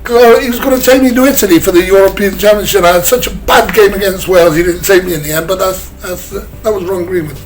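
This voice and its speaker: Older english bloke, higher voice, rambling football stories, faint music under it. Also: male voice, quick pace, hardly any pauses, low-quality recording. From England. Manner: chatty anecdotes with laughs, mimics voices. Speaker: former footballer, guest. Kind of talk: casual storytelling interview.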